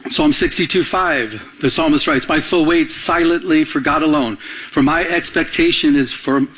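A man preaching a sermon uses a fairly high voice at a moderate pace, with a little hiss or hum in the audio. He acts out both sides of a phone call in an animated story and leads the congregation in call-and-response.

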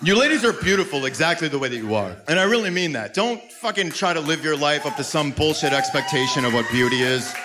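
A man doing a profane stand-up set in a comedy club, shouting his punchlines. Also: on the high side, expressive, quick pace, hardly any pauses, over music. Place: comedy club before a live audience. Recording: noisy live club recording.

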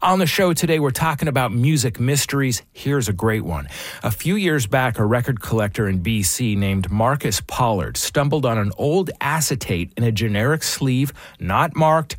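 A man hosting a radio music show, telling a story in an upbeat, animated way. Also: mid-range voice, moderate pace, no room sound.

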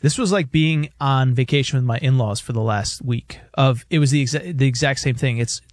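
Animated man sports radio co-host. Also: mid-range voice, brisk, dry recording. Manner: animated storytelling, mimics people. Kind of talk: casual sports radio chat.

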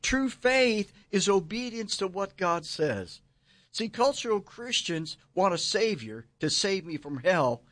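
A man appearing as a guest pastor on a Christian radio talk show, telling stories and making points with emphatic, animated delivery. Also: high voice, measured pace, no echo. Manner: animated storytelling, emphatic preacher.

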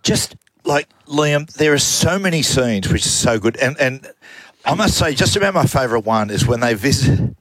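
Animated husky-voiced man on radio. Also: medium pitch, moderate pace, no echo, low-quality recording. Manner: animated retelling of scenes, laughing. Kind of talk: casual radio chat.

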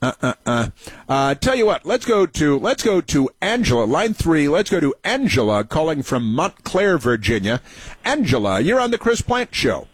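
A man's voice: fairly high pitch, sing-song, moderate pace, breathy edge, dry recording. Sarcastic male talk radio host. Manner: sarcastic, mocking, full of hesitant fillers. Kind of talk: political talk radio commentary.

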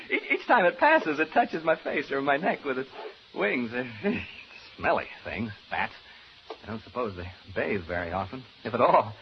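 A jittery male radio announcer rambles and stammers to his listeners, his fairly high voice leaping all over the place. The sound is a dull, lo-fi old radio drama recording with a faint hiss underneath. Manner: nervous, stammering, rambling and chatty. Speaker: radio announcer alone in a haunted house. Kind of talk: 1940s radio drama acting.

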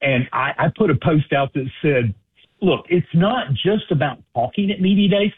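Man, radio guest on a tinny phone line, halting and full of restarts, husky voice. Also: a little high. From Alabama. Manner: halting, many restarts and fillers. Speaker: guest, sports agent and author. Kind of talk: casual radio talk.

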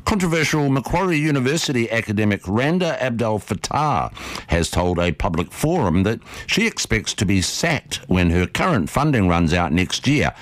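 A man reading a local radio news bulletin in a brisk, measured way, with a distinctive accent. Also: fairly low pitch, big pitch swings, slight background noise. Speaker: local newsreader.

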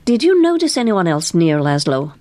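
A woman voicing a polite, inquisitive woman detective who asks gentle, probing questions. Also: fairly low pitch, sing-song, normal speed. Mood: inquiring.

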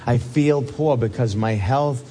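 A man preaching a sermon as a pastor, animated, with a husky voice. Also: medium pitch, a little slow, slight background noise. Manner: animated, swings from loud questions to soft reassurance.

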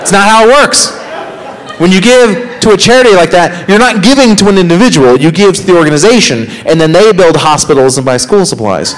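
Sarcastic male stand-up comic, higher voice. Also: a little fast, long reverb tail, rough recording. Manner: sarcastic, mock-defensive, deadpan asides. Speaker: stand-up comedian. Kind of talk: stand-up set. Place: comedy club stage. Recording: live club recording with crowd noise. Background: laughing crowd.

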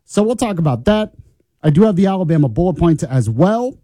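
A man's voice: sits high, sing-song, a little fast, dark tone, dry recording. A man hosting a morning talk radio show, chatty and opinionated, teasing listeners and colleagues. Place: radio studio.

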